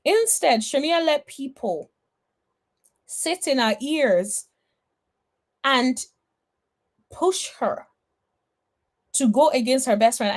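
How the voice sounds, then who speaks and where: A woman giving blunt, sassy reaction commentary on a reality TV episode, talking straight at the cast members. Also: high voice. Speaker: reality TV recap vlogger.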